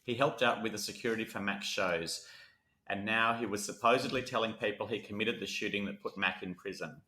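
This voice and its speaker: A man's voice: lowish voice, a little fast, bright, forceful tone, reverberant. A man co-hosting a true crime podcast, reading case notes aloud between jokes and laughs. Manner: jokey, laughs often, reads story aloud. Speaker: podcast co-host.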